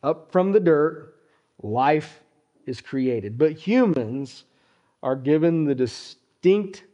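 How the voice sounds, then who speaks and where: Mellow-voiced male pastor preaching. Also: animated, dull audio. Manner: deliberate, drops his voice low at phrase ends; teaching, addresses listeners directly. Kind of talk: sermon.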